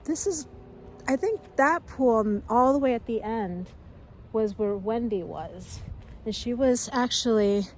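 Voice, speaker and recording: A woman's voice: on the high side, takes it slowly, darkish tone, slight background noise. A woman vlogging casually outdoors, chatty and exclamatory, thinking aloud as she walks through town in winter. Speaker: travel vlogger visiting film locations. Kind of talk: casual walking-tour vlog.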